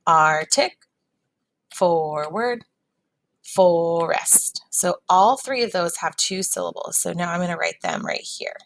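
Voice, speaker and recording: A woman teacher giving a recorded phonics lesson to young students, patient and sounding words out slowly. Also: fairly low pitch, gravelly, low-quality recording.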